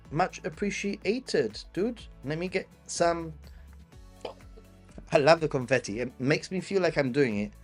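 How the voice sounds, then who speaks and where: A man's voice: on the high side, lively intonation, moderate pace, faint music behind. A man with a Gibraltarian English accent hosting a live-stream travel Q&A, chatting casually and answering viewers off the cuff. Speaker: travel channel host.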